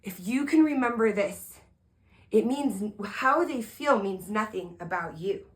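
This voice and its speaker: A woman host giving an energetic, heartfelt motivational talk, playful and upbeat with excited asides. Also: medium pitch, unhurried, poor audio.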